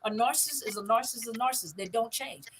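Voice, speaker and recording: Emphatische Frau, hohe Stimme, leises Rauschen. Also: female voice, on the high side, very fast, a bit bright, a little hiss or hum, poor audio. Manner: emphatic, repeats phrases, asks "you see what I mean?". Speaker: host of a live stream on narcissistic abuse recovery. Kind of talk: casual live stream talk answering comments.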